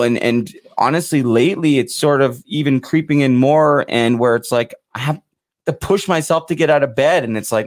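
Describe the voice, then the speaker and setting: A man speaks as an interview guest, halting and reflective, often restarting his sentences as he searches for words. His pitch sits in the middle range for a man. The recording is dry and close, with almost no room sound. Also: no room sound. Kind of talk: candid conversational interview.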